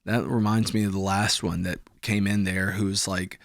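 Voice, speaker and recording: A man's voice: sits low, little pitch movement, moderate pace, vocal fry, no room sound, studio quality. A man co-hosting a podcast, telling a rambling, profane story in casual chat. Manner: rambling, profane, acts out quoted voices. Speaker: podcast co-host.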